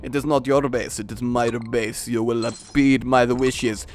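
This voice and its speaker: A man's voice: medium pitch, little pitch movement, a little slow, pitched below the performer's own voice, natural voice. A man voicing a pompous male vampire doctor with a mock Transylvanian accent, speaking in broken, theatrical grammar. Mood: haughty.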